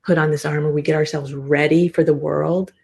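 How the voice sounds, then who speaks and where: A woman's voice: low voice, brisk, gravelly, breathy edge. A woman in her fifties, a guest therapist, explaining things animatedly in a casual interview. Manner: animated explaining, frequent restarts.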